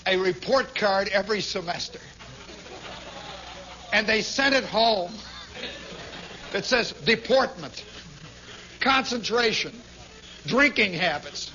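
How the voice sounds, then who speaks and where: A man telling a long personal story as a radio monologue, animated, swinging from hushed to shouting. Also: sits high, muffled recording, a little hiss or hum.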